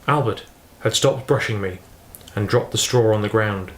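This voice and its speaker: A man narrating a novel in a measured storytelling reading. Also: on the low side. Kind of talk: audiobook reading. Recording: roomy echo.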